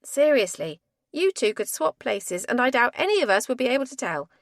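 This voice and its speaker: A woman's voice: a little high, very animated, a little fast, no echo, studio quality. A woman narrator voicing an emphatic, teasing teenage friend at a party in an audiobook. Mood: insistent.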